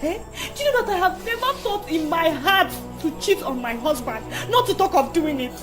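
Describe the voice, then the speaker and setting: A faithful wife wrongly accused, her voice high and swinging widely as she pleads. Soft music runs under the scene. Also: expressive, moderate pace. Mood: distressed. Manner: pleading, repeats "Eh?". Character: distressed faithful young wife. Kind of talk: Nollywood film acting.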